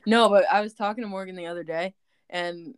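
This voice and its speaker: Young woman from the northern US, podcast co-host, teasing and laughing, lowish voice. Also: steady tone, a little fast, clear, resonant tone, dry recording. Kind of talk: casual chat.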